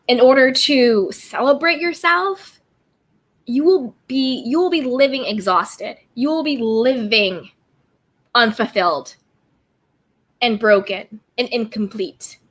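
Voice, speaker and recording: Bright upbeat woman streaming a pep talk. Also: a little high. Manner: upbeat, repeats affirmations, greets viewers warmly. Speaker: livestream host reading chat. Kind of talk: casual self-care pep talk.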